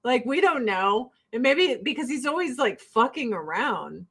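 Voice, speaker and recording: A woman from the rural Midwest talks casually to her viewers while she gets ready, in a fairly high voice. She is blunt and swears freely, and she laughs often. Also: big pitch swings, a little slow, husky. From rural Illinois, US Midwest. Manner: blunt, profane and chatty, with frequent laughs. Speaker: vlogger and host. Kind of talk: casual get-ready-with-me chat.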